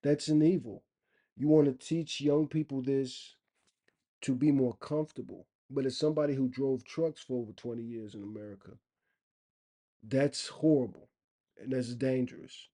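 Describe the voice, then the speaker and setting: A man's voice: medium pitch, normal speed, dark tone. A middle-aged man telling stories to camera in an earnest, emphatic way, drawing out his phrases. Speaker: vlogger. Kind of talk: casual storytelling monologue.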